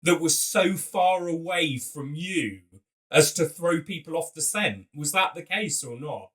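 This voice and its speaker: A man's voice: a little high, animated, a little slow, fairly bright tone, recorded from a distance. A man hosting a podcast, opening with an upbeat presenter's welcome and asking eager questions of his guest. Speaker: podcast host. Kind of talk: podcast interview.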